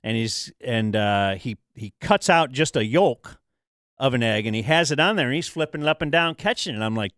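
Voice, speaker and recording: Rambling male co-host with smooth voice. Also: medium pitch, animated, normal speed, fairly bright tone, no echo, studio quality. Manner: rambling storyteller, lots of fillers and restarts. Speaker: radio show co-host. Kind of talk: casual chat.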